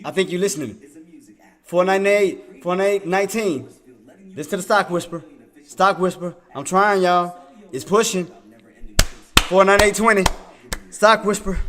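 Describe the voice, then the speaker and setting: High-voiced man laughing through trading commentary. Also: normal speed, long pauses, a bit bright, faint music behind. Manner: playful, laughs often; repetitive, hypes himself up. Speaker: day trader streamer.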